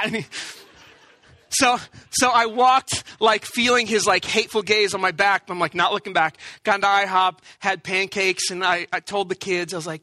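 Male pastor, high bright voice, self-deprecating humorous storyteller, dry close sound. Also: normal speed, no echo. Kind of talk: storytelling sermon.

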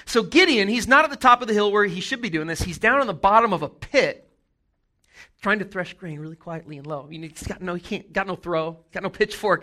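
Bright, lively young-sounding preacher man. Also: high-pitched. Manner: animated, jokey storytelling with acted-out voices. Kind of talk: casual sermon.

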